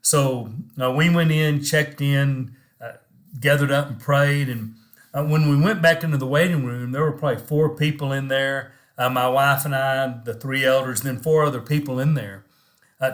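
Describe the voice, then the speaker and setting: A man's voice: mid-range voice, steady tone, normal speed. Middle-aged male minister, plain earnest delivery, casual encouraging talk to camera.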